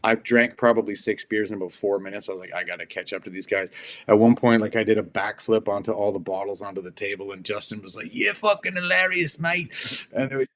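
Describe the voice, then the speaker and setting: A middle-aged man with a lowish voice spins loose, animated stories as a guest on a podcast. He swears casually and breaks into laughter between lines. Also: quick pace. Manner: animated anecdotes, swears freely, laughs a lot. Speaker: actor guest. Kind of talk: casual interview storytelling.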